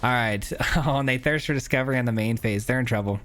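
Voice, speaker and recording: A man's voice: medium pitch, fast talker, a bit bright. Chatty man commentating his gameplay. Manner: chatty, thinks aloud, frequent filler words. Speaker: gaming YouTuber.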